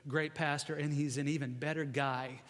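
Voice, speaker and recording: High-voiced man preaching in a reverberant church. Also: level tone, normal speed, a bit bright. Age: 40s. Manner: chatty, self-deprecating, joking with the congregation. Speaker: guest preacher. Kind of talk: conversational sermon. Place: large church sanctuary. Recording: long reverb of a church hall.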